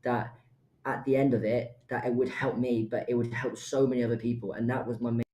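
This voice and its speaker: Young male guest, flat and mellow, earnest, echoey recording. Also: mid-range voice, brisk. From United Kingdom. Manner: earnest, stammers at times. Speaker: guest podcaster. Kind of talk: emotional personal story. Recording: roomy echo.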